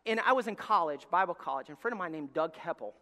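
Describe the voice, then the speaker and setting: Middle-aged pastor, storytelling sermon, high bright voice, long hall reverb. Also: male voice, lively intonation, fast talker. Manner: storytelling preacher, swings from shouting to near-whispers.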